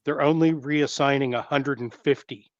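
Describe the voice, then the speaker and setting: A man's voice: mid-range voice, steady tone, normal speed, dull audio. A man on a casual political podcast, firmly setting the record straight point by point. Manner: firm, corrects claims point by point. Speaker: podcast co-host.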